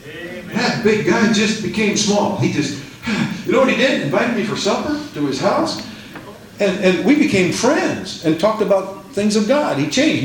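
A man's voice: sits high, sing-song, moderate pace. A man preaching a fervent sermon, repeating phrases and calling out amen and praise the Lord. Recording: very echoey hall with faint hiss.

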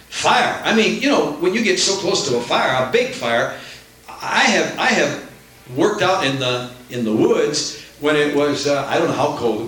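A man's voice: fairly high pitch, pushed and bright, very echoey, poor audio. A man preaching a sermon with fervent, rising emphasis.

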